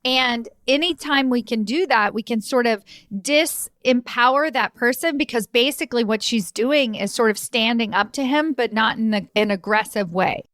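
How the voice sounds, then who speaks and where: A woman hosting a solo podcast as an executive coach, telling client stories in an animated way and acting out the dialogue. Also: on the high side, normal speed, no echo, clean studio sound. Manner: animated storytelling, acts out quoted dialogue with laughs.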